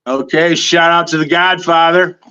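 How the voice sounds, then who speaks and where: A man from the Detroit area chatting as a guest on a podcast, telling lively stories and acting out what other people said. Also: fairly high pitch, moderate pace, smooth, muffled recording. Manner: storytelling, animated quoting of others. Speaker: guest superfan. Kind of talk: casual podcast chat.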